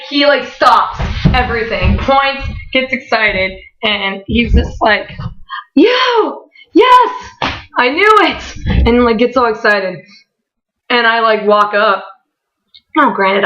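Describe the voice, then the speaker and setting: A young woman telling a story to her viewers in a casual vlog, excitable and giggly, saying "like" a lot and swearing casually. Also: medium pitch, dull audio. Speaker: vlogger.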